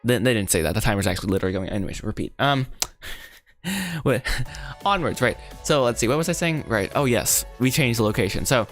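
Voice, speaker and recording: A man livestreaming as he rewrites his animated film script, thinking aloud in a rambling, self-deprecating way that easily goes off track. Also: mid-range voice, a little fast, soft background music. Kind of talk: casual live-stream thinking aloud.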